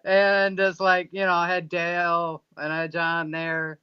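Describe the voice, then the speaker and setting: A man from Michigan, a guest who runs paranormal events, speaking haltingly with many fillers and restarts. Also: a little high, completely flat delivery, smooth, dull audio. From Michigan, USA. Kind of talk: casual interview chat.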